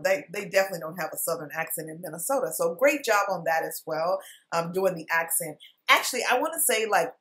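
A woman's voice: on the low side, fairly bright tone. A woman hosting a casual vlog, reviewing a TV series in a rambling, chatty way full of fillers. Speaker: TV show reviewer, channel host.

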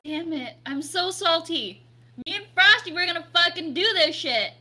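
A woman gamer on a stream, swearing and complaining in drawn-out lines. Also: very high-pitched, lively intonation, pushed and bright. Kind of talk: casual gaming chat.

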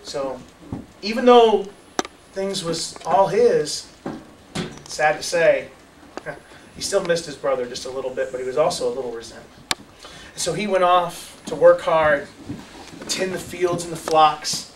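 A man teaching a children's church lesson, telling a story in a lively, playful way and joking with young volunteers. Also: fairly high pitch, a little slow, long pauses, noisy background. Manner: lively, playful, chatty, asks the audience questions. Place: large room with kids, music playing. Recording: echoey room, voice from far off.

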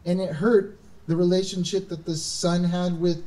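A man preaching a sermon as pastor, animated, acting out quoted voices with emphatic rises. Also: sits high, normal speed, recorded from a distance, rough recording. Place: church.

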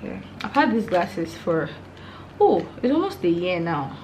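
A woman's voice: on the low side, sing-song, unhurried, noisy background. Chatty Nigerian woman vlogging at home. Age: 20s. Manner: chatty, laughs often, frank asides. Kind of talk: casual vlog chat. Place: her room at home, indoors.

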